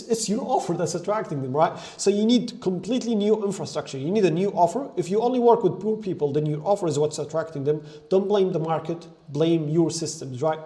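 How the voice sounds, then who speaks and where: A man's voice: on the high side, mellow. A young man coaching on business, talking energetically and emphatically, dropping "like" and "right?" all through. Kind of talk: motivational business talk to camera.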